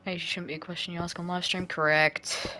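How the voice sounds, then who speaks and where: A woman with an Australian accent chats on a live stream while she builds, filling her talk with "like" and quick giggles. Her voice is bright and forceful, and it sits a little low for a woman. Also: level tone, slight background noise. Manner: chatty and giggly, with many "like" fillers. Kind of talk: casual live-stream chat while building a game map.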